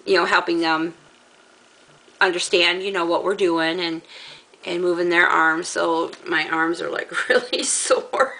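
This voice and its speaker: A middle-aged woman with a gravelly voice, casually chatting as she shows off fabric from a craft haul, rambling and laughing often. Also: fairly low pitch, sharp tone, rough recording. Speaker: crafting channel host. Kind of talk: casual haul show-and-tell.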